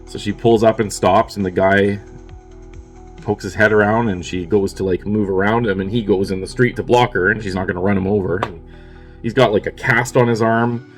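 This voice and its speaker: A man's voice: on the low side, steady tone, normal speed, soft background music. A man casually recapping a movie plot for his review show, offhand and peppered with swearing and fillers.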